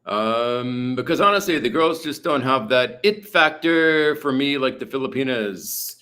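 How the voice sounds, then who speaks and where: Speaking a little slowly, this man has a mid-range voice with lively intonation and a bright, forceful tone. He hosts a livestream from a hot room at home with a fan, a British Columbia native reading viewer comments and rambling chattily with lots of "uh" and "you know."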